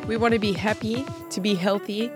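A woman's voice: medium pitch, steady tone, fairly quick, music in the background. A woman co-hosting a podcast, chatting casually with playful, giggly banter. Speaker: podcast co-host.

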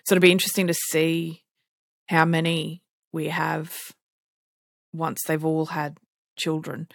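An Australian woman co-hosting a podcast, chatting casually and telling animated stories, often laughing and acting out other people's voices. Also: low-pitched, unhurried, vocal fry, no room sound, clean studio sound. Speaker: podcast co-host. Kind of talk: casual chat.

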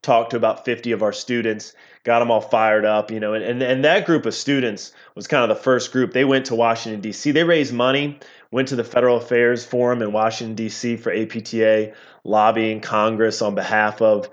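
A middle-aged man, a physical therapy professor appearing as a guest, speaks in a casual interview. His mid-range voice stays steady and runs a little fast as he explains at length, often repeating words. The audio is lo-fi and slightly dull.

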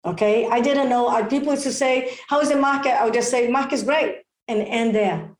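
A woman working as a real estate agent, giving expressive, excitable advice in an interview. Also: on the high side, fairly quick, echoey room. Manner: expressive, excitable, many exclamations.

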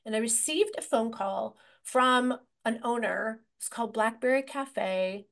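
A woman in her forties, a real estate agent, telling her story in an interview with lots of restarts and energy. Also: fairly high pitch. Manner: energetic and rambling, many restarts.

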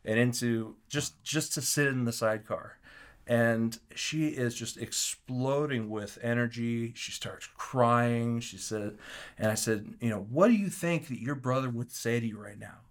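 A man telling a story as an interview guest, animated and acting out the quotes, with frequent restarts. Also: medium pitch, a little slow. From Kansas City area.

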